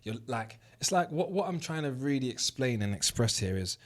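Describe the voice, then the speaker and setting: A man's voice: medium pitch, big pitch swings, moderate pace. A young man with a London accent, telling a personal story as a motivational monologue, candid and earnest, with plenty of swearing. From South West London. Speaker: host.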